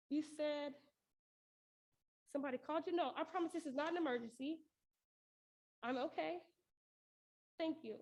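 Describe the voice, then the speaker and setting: A woman with a high, light voice performs a spoken word piece framed as a prayer. She speaks earnestly and pleadingly, and laughter keeps slipping into her lines. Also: normal speed, long pauses. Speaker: poetry performer.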